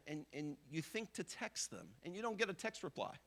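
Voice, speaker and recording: Male pastor with a high voice, conversational sermon that acts out people's inner thoughts. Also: lively intonation, fast, hardly any pauses, a bit bright. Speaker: visiting pastor.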